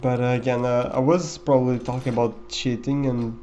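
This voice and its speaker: A man's voice: medium pitch, flat delivery, a little fast, dark tone, slight background noise. A man giving casual, rambling commentary over a game run, with many fillers and restarts. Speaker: gameplay commentator.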